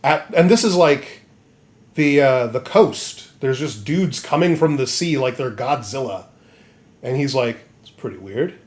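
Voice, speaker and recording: A man hosting a podcast, recapping a story in an animated, rambling comedic way. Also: mid-range voice, measured pace. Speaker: podcast host.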